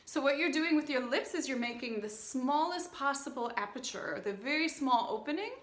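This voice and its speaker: Bright, lively woman leading choir warm-ups. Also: sits high, normal speed, reverberant. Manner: encouraging, playful, sings example phrases. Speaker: choir director. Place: home room, rain outside.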